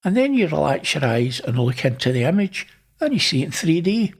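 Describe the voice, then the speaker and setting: A man's voice: on the high side, big pitch swings, brisk, vocal fry, slightly rough. A man hosting, casually talking through images and pointing things out. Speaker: host. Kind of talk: casual narration over images.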